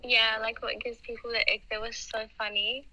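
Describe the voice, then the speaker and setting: A woman's voice: on the high side, little pitch movement, moderate pace, a little hiss or hum, poor audio. Giggly young woman calling in. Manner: giggly and soft-spoken. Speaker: caller. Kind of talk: phone call-in chat.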